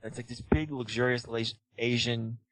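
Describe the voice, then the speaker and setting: A man's voice: mid-range voice, steady tone, normal speed, a bit bright, no room sound, poor audio. Guy rambling through a story, lots of you know and like, dry close sound. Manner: rambling, full of "you know" and "like", acts out quoted lines. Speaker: guest. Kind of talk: casual storytelling chat.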